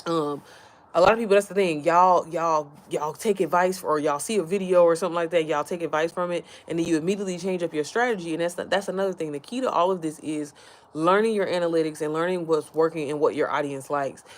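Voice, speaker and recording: A woman's voice: on the low side, quick pace. A woman chatting casually to her followers from home, rambling, easily sidetracked and often speaking straight to her viewers. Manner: rambling, chatty, keeps addressing viewers directly. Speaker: online business creator.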